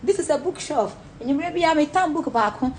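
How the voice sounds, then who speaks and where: A woman's voice: high-pitched, expressive, fairly quick, a little hiss or hum. A young woman with a Ghanaian accent gives a blunt, swearing home tour to camera, mixing Pidgin and Twi. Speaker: celebrity giving a home tour. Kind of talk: casual animated talk to camera.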